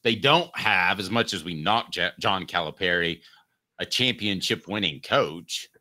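A middle-aged man hosting a sports talk show, talking in an animated, joking way. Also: sits low, unhurried. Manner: animated, does mock impressions.

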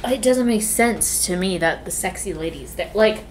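A woman's voice: mid-range voice, lively intonation, moderate pace. A young adult woman co-hosting a podcast in casual banter, loose and profane and laughing often, talking over a video call from a room at home. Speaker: podcast co-host. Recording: echoey room, noisy background.

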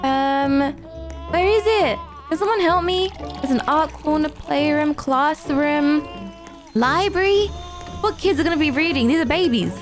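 Young woman, high voice, flustered gaming commentary, music behind. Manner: flustered, rapid, swoops up high when panicking, mock-crying. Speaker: gaming YouTuber. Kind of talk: let's-play commentary. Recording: game music playing behind.

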